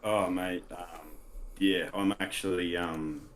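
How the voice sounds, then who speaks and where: A man's voice: low-pitched, steady tone, slow, a bit bright, slight background noise. An Australian man, a podcast guest, talking in a laid-back, hesitant way.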